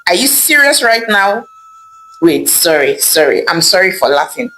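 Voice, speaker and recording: A woman's voice: fairly low pitch, big pitch swings, normal speed, pushed and bright, faint music behind, low-quality recording. A woman voicing a scornful young lawyer daughter, who mocks and dismisses what she hears. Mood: mocking. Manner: mocking, dismissive, laughing.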